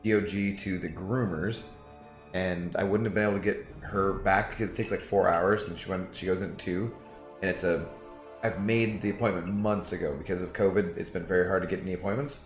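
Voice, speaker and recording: A man with a lowish voice chats casually with his stream viewers, drifting between thoughts with plenty of ums and uhs. His voice bounces around an echoey room, and quiet music plays in the background. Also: steady tone, brisk. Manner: rambling, talks to chat with fillers. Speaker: game streamer.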